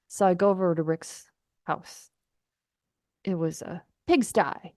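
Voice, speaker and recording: A woman podcast host telling a story in a chatty, animated way, full of fillers. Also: on the low side, unhurried, pauses often, no echo, studio quality. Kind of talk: casual storytelling.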